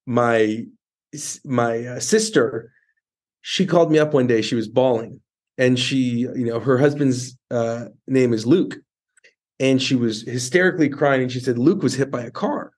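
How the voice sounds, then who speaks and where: A man's voice: mid-range voice, unhurried, darkish tone. A man hosting an interview podcast, telling a personal story in a casual way with many restarts. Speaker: podcast host.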